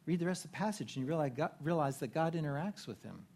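A man's voice: fairly high pitch, lively intonation, fast, a little mellow. A man preaching a sermon in a conversational way, posing rhetorical questions to his listeners. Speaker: pastor.

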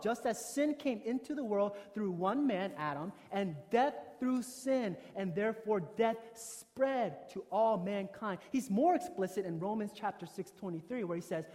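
Male pastor, high voice, preaching; punchy emphasis and hushed drops, recorded with long church reverb. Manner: swings from emphatic to near-whispered. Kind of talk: sermon.

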